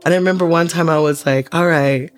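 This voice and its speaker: A woman's voice: lowish voice, quick pace, soft background music. A woman talking casually as a guest and telling stories with lots of "like" fillers. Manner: chatty, many "like" fillers, animated storytelling. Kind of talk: casual conversation.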